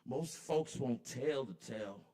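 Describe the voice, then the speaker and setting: A man at an open mic in a kava bar, performing spoken word poetry in a rhythmic, incantatory way that swings between soft and loud. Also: mid-range voice, unhurried.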